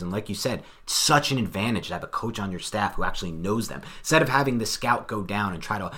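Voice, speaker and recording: A man with a fairly low voice hosts a sports podcast. He talks quickly and with energy, stacking point on point in loose, casual chat. He pokes fun at himself now and then. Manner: fast, animated, self-deprecating. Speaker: podcast co-host.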